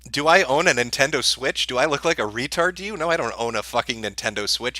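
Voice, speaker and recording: A man's voice: mid-range voice, lively intonation, quick pace, few pauses, pushed and bright, dry recording. A man answering viewer questions on a livestream in a sarcastic, profane, dismissive rant.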